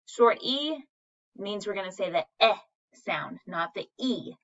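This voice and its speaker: A woman teacher in a recorded reading lesson, speaking slowly and clearly and sounding words out syllable by syllable. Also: medium pitch, lively intonation, lo-fi sound.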